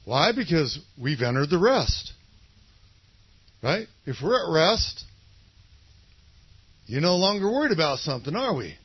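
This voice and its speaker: A male pastor gives a casual, conversational sermon, wandering through his points and often checking in with his listeners. His voice sits somewhat high. The recording is muffled and lo-fi. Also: very animated, a little slow, long pauses, breathy edge. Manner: conversational, rambling, asks for agreement.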